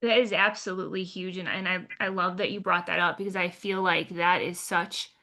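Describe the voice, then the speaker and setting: A woman hosts an interview and answers her guest with warm affirmation. Her voice sits a little low and stays flat in pitch, with a bright, forward edge. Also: fairly quick. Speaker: podcast host. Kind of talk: interview chat.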